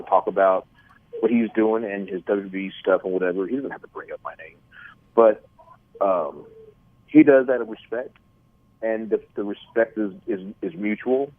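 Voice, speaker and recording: A man's voice: lowish voice, no echo. Texan man on a tinny phone line. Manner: animated anecdotes with repeated words and restarts. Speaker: wrestling promoter and trainer. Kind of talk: phone interview storytelling.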